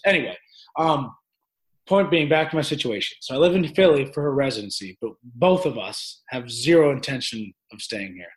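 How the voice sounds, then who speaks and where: A young man who teaches fitness classes, talking brashly and profanely as a podcast guest. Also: fairly high pitch. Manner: brash, profane, energetic storyteller. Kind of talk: casual podcast chat.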